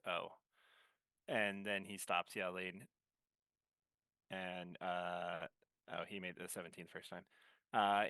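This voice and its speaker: A man's voice: on the low side, sharp tone, clean tone, no echo. A man playing a tabletop role-playing game, laid-back and dry as he narrates his character's actions. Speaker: player.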